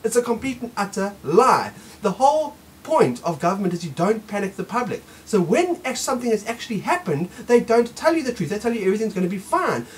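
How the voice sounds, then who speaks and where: An insistent man delivers an opinion monologue, hammering home each point with a lively, animated pitch. Faint noise hums in the background. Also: a little fast, few pauses, low-quality recording. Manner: insistent, emphatic, repetitive. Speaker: host.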